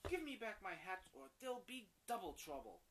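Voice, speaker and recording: A dad doing a shouting, fretful hat seller. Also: male voice, sits high, very animated, brisk, slight background noise, voice pushed up. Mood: angry. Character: grown man hat seller, cross and fretful.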